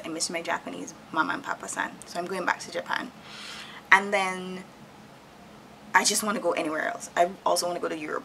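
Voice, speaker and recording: A woman in her thirties from Jamaica chats openly about her plans, often breaking into laughter. Her voice sits a little low, with a gravelly, fry-heavy texture and a bright, forceful edge. A faint hum of ambient noise runs under the home recording. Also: poor audio. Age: 30s. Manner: chatty and candid, laughs often. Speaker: vlogger. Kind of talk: casual chat while decorating.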